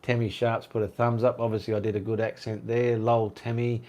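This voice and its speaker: A man's voice: mid-range voice, flat delivery, brisk, darkish tone. An Australian man hosting a casual live-stream Q&A, chatting and reading viewer comments aloud in a rambling way.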